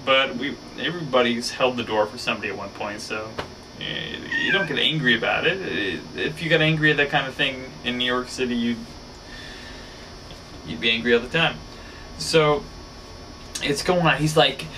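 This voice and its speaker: Male host telling a casual rambling story; crisp bright tone, mic a bit distant. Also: mid-range voice, moderate pace, slight background noise. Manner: rambling, filler-heavy storytelling. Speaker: show host. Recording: slightly distant mic, faint ambience.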